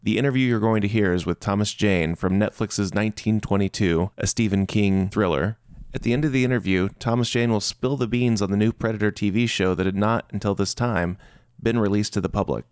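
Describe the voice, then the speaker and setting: Low, steady male announcer. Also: a little fast, smooth, no room sound, clean studio sound. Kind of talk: scripted intro read.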